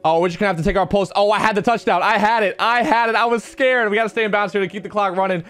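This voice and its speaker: A man's voice: high-pitched, racing, faint music behind. A young man giving live commentary over his own football video game match, talking to himself and the viewers, his voice jumping up when something goes wrong. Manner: excitable, talks to himself while playing, voice jumps up when outraged. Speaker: gaming video creator.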